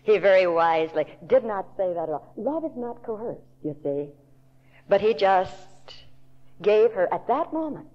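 A woman Bible teacher giving a sermon in a deliberate, emphatic storytelling manner. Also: medium pitch, expressive, warm tone. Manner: slow, deliberate, emphatic storytelling with quoted voices. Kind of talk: recorded sermon to a women's audience. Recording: dull lo-fi tape recording.

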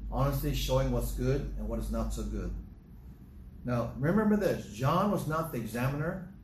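Older male pastor, lively sermon delivery with acted-out dialogue; echoey, noisy recording. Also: mid-range voice. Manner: animated, acts out dialogue in different voices. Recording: echoey room with noticeable noise.

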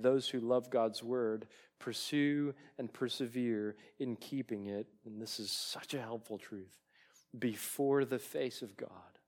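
A man preaching a sermon in a deliberate way, reading scripture and quotations aloud and rising in force on key lines. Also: medium pitch. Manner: slow, deliberate preaching that swells louder on quoted lines. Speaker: pastor.

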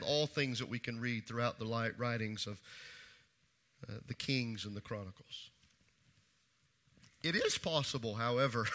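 High, bright-voiced man preaching. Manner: swings from hushed, slow emphasis to raised, urgent reading. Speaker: pastor. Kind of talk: sermon.

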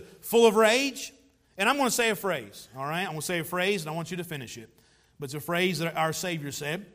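A male pastor delivers a sermon in a church sanctuary. His voice sits high for a man, and he drives his points with repeated rhetorical questions. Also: a bit bright. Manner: emphatic preaching with rhetorical questions and repeated phrases.

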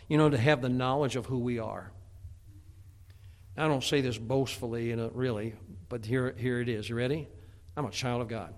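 A man's voice: mid-range voice, steady tone, moderate pace, a little mellow. A middle-aged man preaching a sermon in a folksy way, often restarting with stammered repeats. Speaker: pastor.

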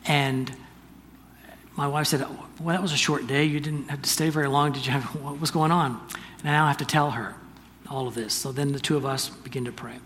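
An older man giving a sermon, telling a personal story in an earnest, halting way with restarts. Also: fairly high pitch, a bit bright, slight background noise. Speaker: pastor. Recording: distant reverberant hall, faint ambience.

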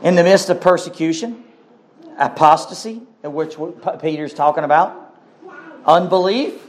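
A man's voice: a little high, normal speed. A middle-aged man preaching a sermon as pastor, pleading and swinging between rising and falling lines with repeated questions.

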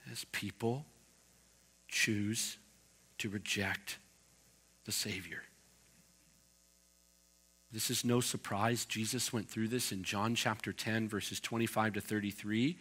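A man's voice: fairly low pitch, fairly even intonation, slow, pauses often, bright, forceful tone, breathy edge. A man, a pastor, preaching a conversational expository sermon and acting out quotes as he goes.

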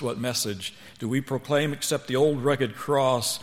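A man's voice: mid-range voice, fairly even intonation, measured pace, hardly any pauses. A man preaching a sermon to students, emphatic and firing rhetorical questions at the audience. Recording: long reverb of a large hall.

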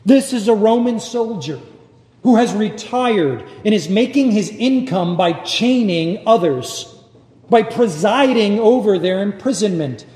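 Slow, echoey man preaching a sermon. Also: sits high, lively intonation, darkish tone. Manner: measured, dramatic preaching with long pauses. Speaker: pastor. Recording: echoey hall with long reverb.

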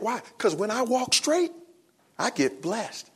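Slow and husky, a pastor in his forties gives a sermon that drifts from low, quiet musing to raised, excited preaching.

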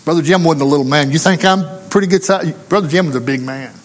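High-voiced preacher in a reverberant hall. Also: male voice, fast, soft background music. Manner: folksy preacher, acts out voices in his story. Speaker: pastor. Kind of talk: sermon with storytelling.

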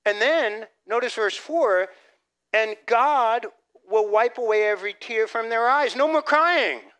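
A man preaching a sermon as pastor, animated, dropping from loud emphasis to soft asides and restarting phrases. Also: extremely high pitch, measured pace, clear, resonant tone. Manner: repeats words as he restarts phrases.

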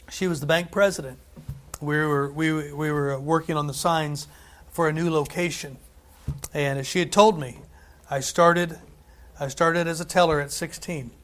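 A middle-aged man preaching a sermon, emphatic and conversational, tossing in asides and slowing down to stress scripture. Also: a little high. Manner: emphatic, lifts voice and slows on scripture; conversational asides and tag questions.

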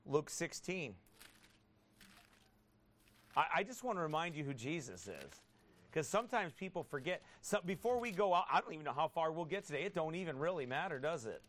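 Man, pastor, sermon, fairly high voice, emphatic, rhetorical questions, slow scripture reading. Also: expressive, a bit bright. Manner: reads scripture slowly in a drawn-out cadence.

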